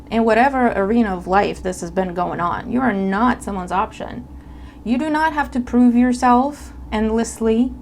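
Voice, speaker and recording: A woman's voice: medium pitch, gravelly, a little hiss or hum. A woman giving a casual tarot reading, talking conversationally and checking in with her listeners often. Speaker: tarot reader.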